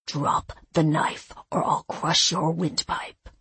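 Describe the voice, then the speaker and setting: A cold, menacing male assassin issues slow, quiet threats, voiced by a woman reading the story. The voice sits low and husky. The recording is dry and close. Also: little pitch movement, dry recording, full character voice.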